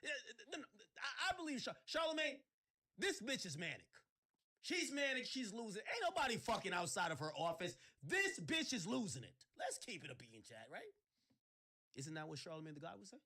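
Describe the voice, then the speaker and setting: A man hosting a livestream, ranting sarcastically in casual chat and breaking into shouts. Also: high voice, sing-song, fairly quick. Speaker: livestream host.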